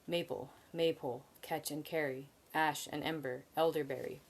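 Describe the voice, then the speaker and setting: A cheeky young man with a restless, fey streak, as a woman reads him aloud. He speaks brightly and teasingly, slipping into a sing-song lilt, a touch higher than her own low voice. It has the feel of a storybook read at home. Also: fairly even intonation, normal speed, creaky.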